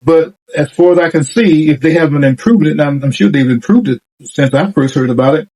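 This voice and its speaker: A man's voice: on the high side, fairly quick, warm tone, husky, poor audio. An older man giving a reflective, rambling monologue with frequent repetition and restarts. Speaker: commentator.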